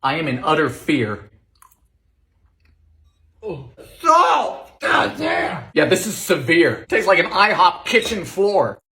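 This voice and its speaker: Guy doing a sarcastic cooking vid, deadpan jokes then yelling ingredients, voice jumps around a lot, echoey kitchen. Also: fairly high pitch, measured pace, long pauses. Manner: sarcastic, deadpan one-liners with sudden shouted ingredient calls. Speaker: host of a cooking video. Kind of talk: comedic vintage-recipe cooking vlog. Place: home kitchen.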